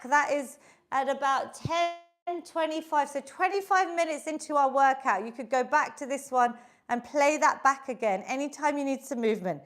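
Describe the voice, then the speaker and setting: A woman leads a workout class in a high, bright-pitched voice, upbeat and encouraging as she counts down reps. She takes an unhurried, measured pace, with a slight breathlessness from moving along. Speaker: fitness instructor. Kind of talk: live online workout class instruction.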